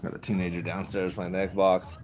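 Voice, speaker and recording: A man's voice: sits low, level tone, a little fast, rough recording. A middle-aged man chatting casually to viewers, laid-back and rambling, laughing often. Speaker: stock vlogger. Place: around his retail shop and car.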